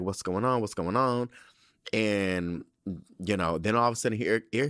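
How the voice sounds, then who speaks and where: A man's voice: sits low, dry recording, studio quality. Sassy, profane man recapping TV. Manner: animated, profane, sassy storytelling. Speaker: podcast host. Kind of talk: casual TV episode recap.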